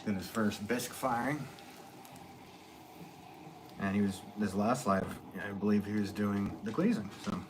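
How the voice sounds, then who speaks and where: A middle-aged potter hosts a livestream from his pottery studio, chatting casually and rambling as he reads viewers' comments aloud. His voice is fairly low, with a measured pace and long pauses. The background is noisy.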